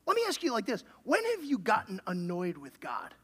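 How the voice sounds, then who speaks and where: A man's voice: high voice, huge pitch swings, brisk, fairly bright tone, husky. A man, the pastor, preaching a sermon in a conversational way and building to emphatic questions.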